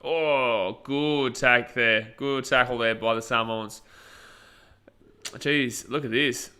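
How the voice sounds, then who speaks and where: Excitable Australian man calling a match. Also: mid-range voice, slow, smooth. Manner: excitable, blunt and crude, reacts loudly to plays. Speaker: streamer. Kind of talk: live match watch-along commentary.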